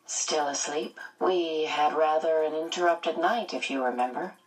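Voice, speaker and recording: A woman voicing a calm mother who speaks in a steady, gentle, reassuring way. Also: sits low, measured pace, distant mic, poor audio.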